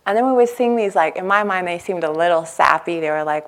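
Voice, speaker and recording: A woman's voice: lowish voice, steady tone, fast talker, hardly any pauses. A woman meditation teacher giving a dharma talk to a retreat audience. She tells stories in a casual, chatty way, full of "like" and "you know", and acts out her own past thoughts with laughter. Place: meditation hall before a live audience.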